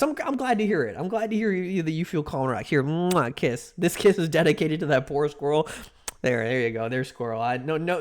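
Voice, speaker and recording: A man's voice: a little high, normal speed. Rambling, laughing male streamer. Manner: rambling, animated storytelling with frequent laughs; self-mocking, answers chat directly. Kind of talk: casual live-stream chat.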